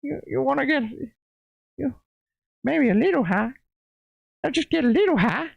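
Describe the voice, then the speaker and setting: A man's voice: extremely high pitch, animated, normal speed, vocal fry, no room sound, highs cut off, voice pushed up, heavily acted. A man doing a woozy stoned cartoon towel. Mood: dopey. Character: dopey stoned talking towel, male.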